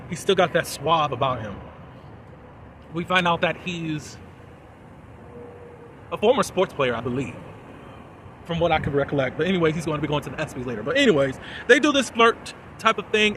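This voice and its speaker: A man giving a chatty, animated recap and commentary on a TV episode, full of fillers, recorded outdoors in a city. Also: sits high, a little hiss or hum. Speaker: TV episode reviewer.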